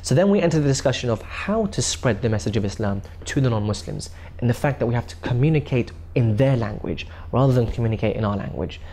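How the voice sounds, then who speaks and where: A man's voice: medium pitch, expressive, quick pace, few pauses, dark tone, slight background noise. A man recounting his recitation tour in a documentary interview, earnest and often repeating and restarting words.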